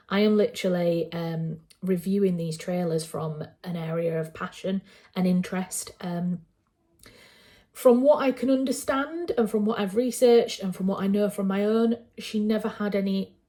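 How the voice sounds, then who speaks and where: A woman's voice: mid-range voice, dark tone. A woman with a Yorkshire accent reacting to a film trailer in casual commentary. She is chatty and digressive, with frequent fillers and self-corrections. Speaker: writer and channel host.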